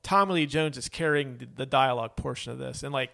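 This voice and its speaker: A man's voice: medium pitch, fast, gravelly, pushed and bright. A man co-hosting a casual movie podcast, rambling with many fillers and laughs. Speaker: podcast co-host. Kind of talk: casual movie review chat.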